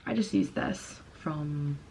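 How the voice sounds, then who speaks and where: A woman's voice: deep voice, slow pace, gravelly, heavy background noise. A young American woman chatting through a makeup tutorial on her home camera, rambling and laughing at herself, full of "like". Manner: rambling, giggly, self-mocking, lots of "like". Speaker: beauty vlogger. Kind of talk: casual makeup tutorial chat.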